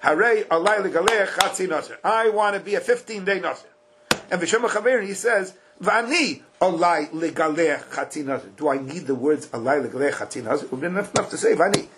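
A man's voice: on the high side, fairly quick, fairly bright tone, a little hiss or hum. A man teaching a Talmud class. He reads the text in a chant, explains it in casual English and drives points home with rhetorical questions.

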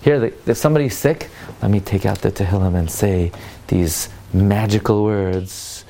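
A man teaching a Torah class as a rabbi, weaving Hebrew and Aramaic quotations into his English explanation, asking rhetorical questions and jumping sharply in pitch to stress his points. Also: normal speed, vocal fry, slight background noise. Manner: animated, with sudden jumps in pitch for emphasis. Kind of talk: Torah study lesson.

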